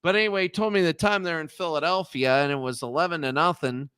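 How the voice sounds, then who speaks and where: A man from Appalachia hosting a show, telling rambling, profane stories and loudly acting out the people he quotes. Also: fairly high pitch, fast talker, clean tone, dry recording, clean studio sound. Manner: digressive, profane, acts out quoted voices loudly. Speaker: show host. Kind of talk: rambling storytelling.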